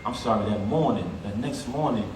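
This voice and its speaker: A man's voice: on the low side, a little fast, background noise. Man, heartfelt funeral eulogy, emphatic and conversational, echoey hall, distant mic. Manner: emphatic, conversational, addresses the crowd directly. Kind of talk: heartfelt public eulogy speech.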